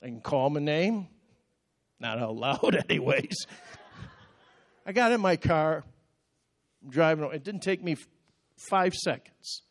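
An older man delivering a sermon, with a voice pitched a bit high for a man. He tells personal stories in a plain way, dropping low and quiet and then rising into sudden loud outbursts. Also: lively intonation, unhurried, long pauses, no echo. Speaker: pastor.

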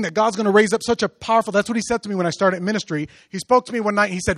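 A male pastor preaching a sermon, moving from hushed storytelling to loud, rising exhortation. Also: sits high, very fast, no room sound.

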